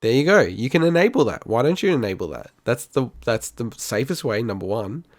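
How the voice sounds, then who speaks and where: A man's voice: mid-range voice, animated, fairly quick, dry recording, studio quality. A man co-hosting a podcast, arguing his point in casual chat and laughing often. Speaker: podcast co-host.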